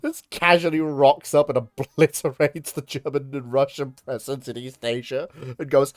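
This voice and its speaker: A man's voice: mid-range voice, fairly even intonation, moderate pace, no room sound, clean studio sound. A man streaming a naval strategy game, chatting casually, laughing often, swearing and putting on mock dialogue. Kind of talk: casual gaming commentary.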